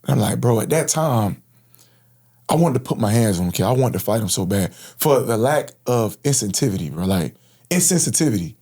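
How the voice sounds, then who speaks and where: A man's voice: fairly low pitch, big pitch swings, fairly quick, warm tone. Slangy man telling his life story. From Florida. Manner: casual, slangy, earnest, frequent "bro". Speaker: guest. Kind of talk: personal storytelling in interview.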